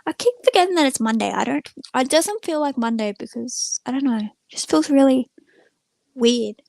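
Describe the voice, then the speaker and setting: A woman's voice: high voice, expressive, normal speed, vocal fry, darkish tone, no room sound. A woman chatting casually to viewers during a live stream from a room at home, rambling and filling her talk with "like" and "um". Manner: rambling, many filler words, chatting to viewers. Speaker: small channel live streamer. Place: room at home with the door closed.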